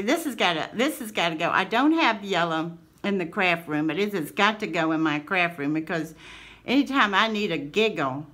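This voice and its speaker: A woman's voice: lowish voice, fairly bright tone. A woman with a Southern American accent hosting a casual craft vlog, gushing and laughing often, full of folksy sayings. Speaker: craft channel host.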